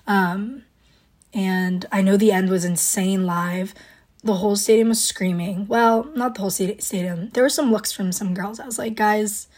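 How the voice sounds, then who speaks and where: A woman's voice: mid-range voice, fairly even intonation, normal speed, darkish tone. A young woman hosting a podcast, gushing and rambling in casual fan chat, full of likes and ums. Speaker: podcast host.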